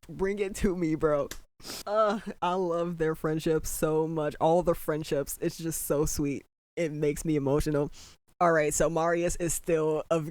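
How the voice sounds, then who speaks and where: A young adult giving casual, excitable reaction commentary on a show, getting emotional and swearing freely. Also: medium pitch, dry recording.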